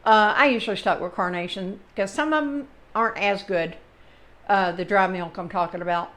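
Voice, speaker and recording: A home cooking channel host from the Southern United States gives a casual cooking demonstration in her kitchen, speaking with a Southern American accent. Her mid-range voice has a fairly bright tone and a moderate pace, and she chats with folksy, rambling asides.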